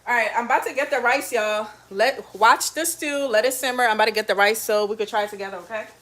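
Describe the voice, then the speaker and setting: A woman's voice: fairly high pitch, fairly even intonation, quick pace, a bit bright. Chatty woman cooking live for viewers. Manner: chatty, talks straight to viewers, reads out comments. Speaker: cooking livestream host. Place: home kitchen.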